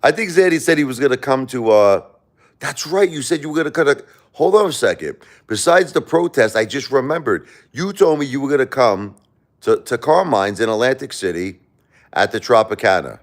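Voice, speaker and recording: A man's voice: medium pitch, lively intonation, fairly quick. A middle-aged man hosting a livestream, rambling casually and profanely while joking with his chat. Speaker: livestream host.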